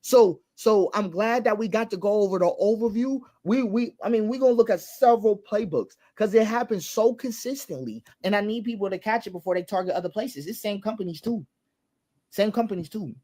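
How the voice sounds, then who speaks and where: A man's voice: sits high, expressive, a little fast, warm tone. A man hosting an online show, delivering impassioned political commentary with emphatic repetition and long lists. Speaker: commentary host.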